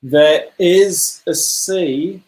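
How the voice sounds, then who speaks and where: A man running a children's club hosts a letter-guessing game over a video call, chatty and encouraging, praising players by name. His fairly high voice is very slow and darkish in tone, with a roomy echo.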